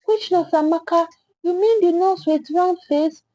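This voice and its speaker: A woman with a Nigerian Pidgin accent voicing an angry bystander who hurls loud accusations. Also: extremely high pitch, unhurried, no room sound, voice pushed up, rough recording. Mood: accusing. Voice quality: loud, confrontational.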